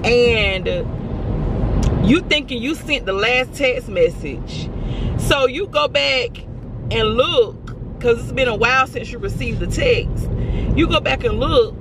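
A woman, telling a story to her viewers in a casual, animated, sassy way from inside a car. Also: on the high side, takes it slowly. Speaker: vlogger. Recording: car noise behind the voice. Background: car and road noise.

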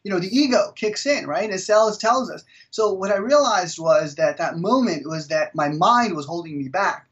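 A middle-aged man from India, a guest author telling stories in an interview with lively energy. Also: sits high, moderate pace, few pauses, distant mic, dull audio. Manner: energetic, animated storyteller. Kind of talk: storytelling in an interview.

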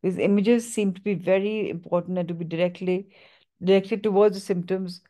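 A woman reading a book aloud in a measured, steady way, with small stumbles. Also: medium pitch.

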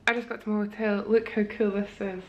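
A Scottish woman vlogs in a gushing, chatty way, filming herself on a handheld camera. Her voice sits at an ordinary middle pitch. The hotel room around her echoes, and a faint hum runs underneath. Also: flat delivery, brisk, darkish tone, dull audio. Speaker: vlogger. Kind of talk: casual vlog chat.

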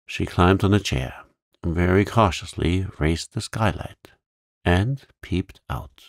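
A man narrating a calm bedtime story in a gentle, soothing way. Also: sits low, slow, no echo, clean studio sound.

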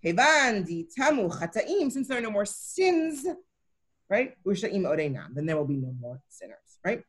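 A woman's voice: medium pitch, very animated, normal speed, slightly rough. A woman teaching a Talmud study session, explaining each line and often checking in with her listeners. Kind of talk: co-taught text study session.

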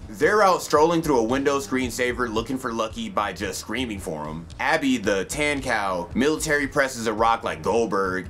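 A man's voice: mid-range voice, a bit bright, a little hiss or hum. A man narrating a cartoon review in a scripted comedic style, sarcastic and crude, with mock-formal asides.

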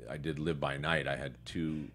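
A man's voice: extremely low pitch, normal speed. A man from New York and Connecticut, a guest actor telling stories in a casual interview chat. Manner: relaxed storyteller, quoting others in his own voice.

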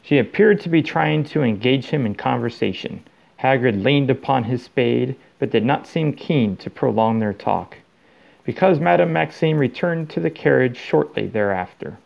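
A man reading a storybook chapter aloud to his child in a steady, plain way. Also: medium pitch, normal speed, vocal fry, highs cut off.

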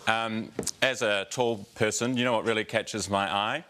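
A man with a New Zealand accent, a morning TV host telling deadpan one-liners and wrapping up the show in a studio. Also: on the low side, normal speed, heavy background noise.

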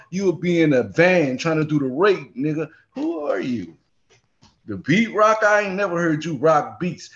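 A man delivering aggressive, profane a cappella battle rap verses at an opponent. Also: on the high side. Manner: aggressive, profane trash talk. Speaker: battle rapper. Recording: dull lo-fi recording.

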